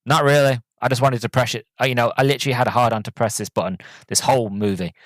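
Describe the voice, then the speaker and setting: A man's voice: mid-range voice, fairly even intonation, quick pace, no room sound, clean studio sound, natural voice. A man voicing a trigger-happy, stereotypical army general who is blustering and impatient to fire. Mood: gleeful.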